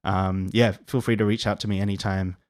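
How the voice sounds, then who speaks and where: A man's voice: on the low side, flat delivery, fairly quick, dry recording, studio quality. A young Australian man hosting a casual live Q&A, friendly and rambling with lots of ums and restarts. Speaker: livestream host answering viewer questions.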